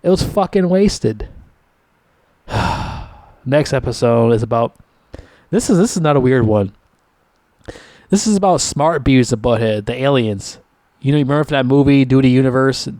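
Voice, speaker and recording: A man's voice: medium pitch, normal speed, pauses often, darkish tone, no echo. A man giving a casual, profanity-laced rant reviewing a TV season, his voice jumping sharply upward when he gets annoyed. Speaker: TV show reviewer.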